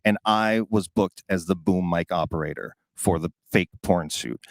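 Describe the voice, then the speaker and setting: A man from Minnesota, a guest, telling a casual story with lively pacing. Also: low-pitched, moderate pace, no room sound.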